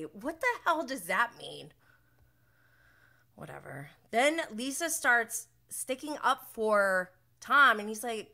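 A woman's voice: on the high side, lively intonation, slow, creaky, sharp tone. A young woman hosting a casual reality TV recap, chatty and opinionated with lots of filler words and laughing asides.

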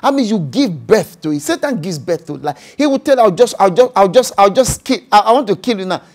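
A man's voice: high-pitched, animated, a little fast, darkish tone. A man with a Nigerian accent, a pastor preaching a sermon and acting out voices and speaking in tongues.

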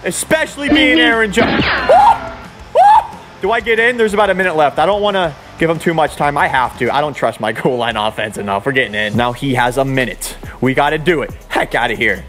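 A man giving live commentary over his own football video game play, excitable, swinging from muttered asides to sudden shouts. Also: mid-range voice, quick pace, few pauses, soft background music. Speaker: gaming YouTuber.

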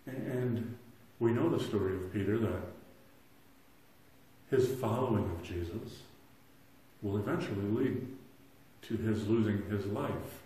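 A man in his thirties preaching a sermon as pastor, earnest, shifting between loud emphasis and soft, hushed lines, often repeating words as he restarts. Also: fairly low pitch, unhurried, pauses often. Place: church sanctuary. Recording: very echoey church room.

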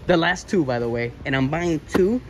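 A young man vlogging casually about a toy hunt, excitable and profane, telling animated stories. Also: a little high, normal speed. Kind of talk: casual vlog chat.

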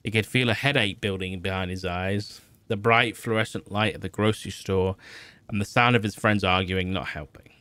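Man reading fiction aloud on stream; steady, a few stumbles, close dry mic. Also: fairly low pitch, moderate pace, smooth, dry recording. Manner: steady reading with small slips and restarts.

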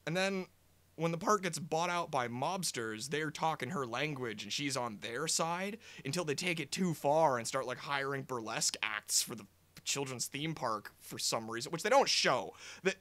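A young man ranting casually about a film he reviews, animated and exasperated, swearing often and full of fillers. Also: fairly high pitch, a little slow, no room sound. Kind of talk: casual movie-review rant.

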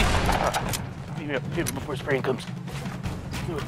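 A man gaming with a friend, loud and excitable, yelling and swearing often. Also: fairly high pitch, moderate pace, pauses often, over loud music. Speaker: gamer streamer. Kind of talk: excited co-op game commentary.

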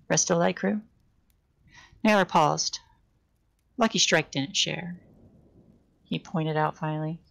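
A woman with a low, gravelly voice reads a novel aloud in a relaxed live-stream style. She gives the dialogue small lifts for different characters and now and then trips over a word and starts again. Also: rough recording. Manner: reads dialogue with small shifts for characters, occasional slips and restarts. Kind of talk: casual live-streamed book reading.

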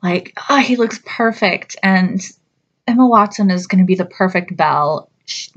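Gushing woman vlogger, breathy lo-fi sound. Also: lowish voice, normal speed. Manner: gushing, excitable, emotional. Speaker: vlogger reacting to a movie trailer. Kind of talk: casual reaction chat.

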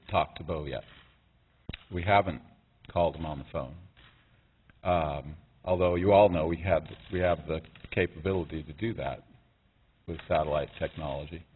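A middle-aged man making a statement at a press conference, speaking haltingly with many pauses and restarts. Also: low-pitched, slight background noise. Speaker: father making a public statement. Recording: tinny, phone-like sound.

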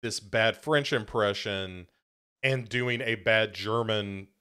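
A man co-hosting a podcast, adding plot points in relaxed film talk. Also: lowish voice, slow, clean tone. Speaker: podcast co-host. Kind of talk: casual film discussion.

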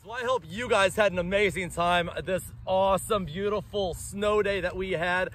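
A man vlogging outdoors in the snow with his service dog. He is cheerful and excitable, laughs often, and calls out short commands and praise to the dog from a handheld camera. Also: high-pitched, moderate pace. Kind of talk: casual vlog narration and dog commands.

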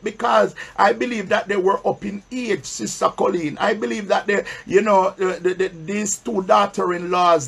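A man's voice: sits high, creaky, fairly bright tone, slightly rough. A male bishop preaching a sermon, drawing call-and-response from the congregation and reading scripture with emphasis. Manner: reads scripture slowly and emphatically.

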